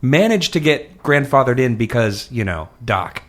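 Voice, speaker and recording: A man's voice: mid-range voice, very animated, normal speed. A man co-hosting a podcast in casual comedic chat, laid-back and joking, with frequent ums and laughs. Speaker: podcast co-host.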